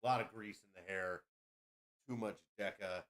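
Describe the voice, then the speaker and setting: A man's voice: lowish voice, moderate pace, a bit bright. A man hosting a podcast, telling a rowdy story in a crude, boastful, casual way. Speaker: podcast host.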